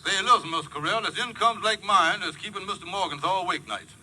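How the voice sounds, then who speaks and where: A man's voice: high-pitched, fast talker, pushed and bright, exaggerated voice. A man voicing a boastful, scheming middle-aged man in 1940s radio comedy acting. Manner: blustering, self-important.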